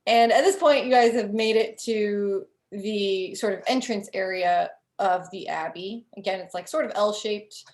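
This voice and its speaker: A woman game master narrating a tabletop game in a relaxed, rambling way full of fillers. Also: medium pitch, unhurried, hardly any pauses.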